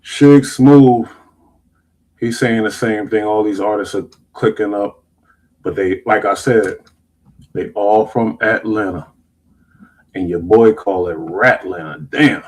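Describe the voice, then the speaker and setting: Low-voiced man giving loose commentary. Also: slow pace, long pauses, poor audio. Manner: loose slang, rambling with restarts. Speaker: show host. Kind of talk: casual commentary on clips.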